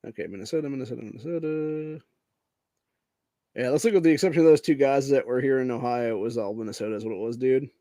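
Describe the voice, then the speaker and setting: A man's voice: medium pitch, quick pace, warm tone, no echo. A man hosting a casual political commentary show, reading news items aloud, swearing freely and saying "dude" constantly as he gets heated. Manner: profane, says "dude" constantly, grows heated; reads news items aloud while screen sharing. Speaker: podcast host.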